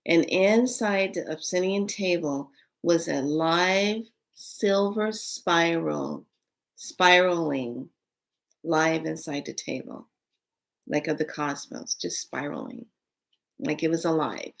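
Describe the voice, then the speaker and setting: Woman, spiritual storyteller, casual, animated, fillers, lower voice. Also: slow, gravelly. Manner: animated, acts out quoted voices, many fillers.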